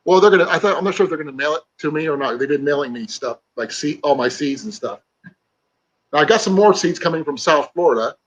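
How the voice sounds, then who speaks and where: A man's voice: fairly high pitch, expressive, quick pace, muffled recording. A man from Iowa joining a casual live-stream chat as a guest, chatty and rambling. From Iowa, USA.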